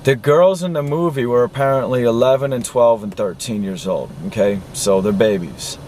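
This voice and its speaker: A man's voice: mid-range voice, moderate pace, darkish tone, slight background noise. A man ranting angrily about a film he watched, swearing often, sounding disgusted and repeating himself. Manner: profane, indignant, repeats himself. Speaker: vlogger reviewing a film. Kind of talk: angry film rant.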